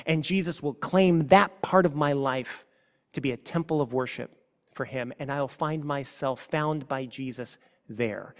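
A man preaching a sermon as a pastor, earnest, moving between hushed and forceful passages. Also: mid-range voice, a little slow. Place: church sanctuary. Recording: long reverb of a church hall.

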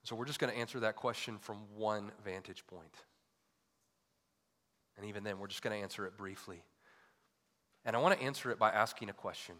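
A male pastor delivering a sermon, asking repeated rhetorical questions and swinging between loud emphatic peaks and quiet low drops. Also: brisk, pauses often. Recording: long hall reverb.

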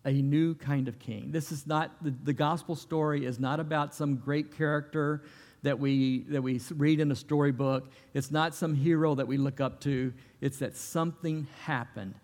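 A man's voice: a little high, normal speed. Man preaching in a reverberant hall. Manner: conversational, animated storytelling with repeated restarts. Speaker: pastor. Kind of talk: sermon.

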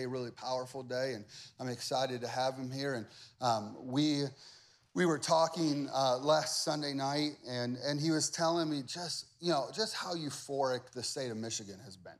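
A male pastor giving a conversational sermon, animated and repetitive, swinging between loud emphasis and hushed asides. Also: medium pitch.

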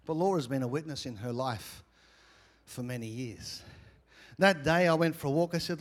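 Australian male pastor, somewhat high voice, animated sermon with jokes and asides to the congregation. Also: moderate pace.

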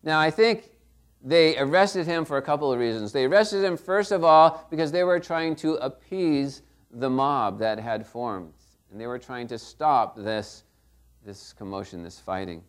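A man's voice: medium pitch, unhurried, clean tone. A middle-aged man preaching a sermon in a conversational way, often checking in with the congregation. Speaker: pastor.

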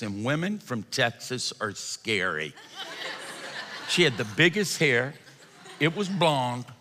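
A pastor preaching a sermon, telling a story with laughs and building up to shouts. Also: male voice, medium pitch, big-room sound.

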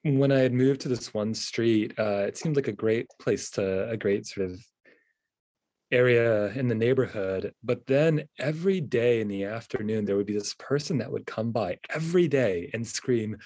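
A man co-hosting a casual chat, telling stories in a relaxed, wry way. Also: medium pitch, moderate pace, no room sound, studio quality. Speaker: podcast co-host.

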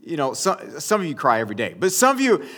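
A man's voice: a little high, wildly swooping pitch, fast, a bit bright. A man giving a sermon, telling a personal story to his audience in a rambling way with many restarts and fillers. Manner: addresses the audience directly.

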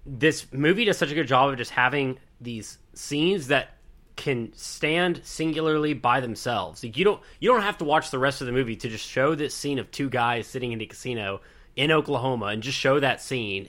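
Wry man with a bright, forceful voice. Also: mid-range voice, moderate pace. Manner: wry, joking asides. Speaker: podcast co-host. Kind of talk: casual movie discussion.

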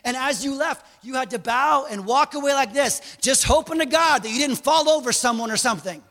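A man preaching a sermon as pastor, animated, with joking asides and bursts of raised emphasis. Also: extremely high pitch, fairly quick, long reverb tail.

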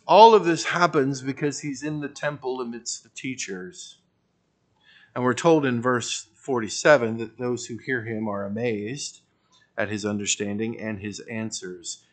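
A man preaches through a gospel passage in a relaxed, conversational sermon voice of middling pitch. He punctuates the teaching with wry, joking asides. His delivery swings from emphatic, raised lines to soft phrases that trail off. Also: measured pace. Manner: shifts between emphatic bursts and quiet trailing phrases. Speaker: pastor. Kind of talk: expository sermon.

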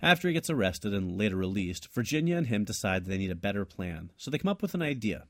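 Podcast co-host, man, animated storyteller, dry studio mic. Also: on the low side, fast talker, dry recording. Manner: animated, laughs often, trails off and restarts. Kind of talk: casual chat, telling a made-up story ending.

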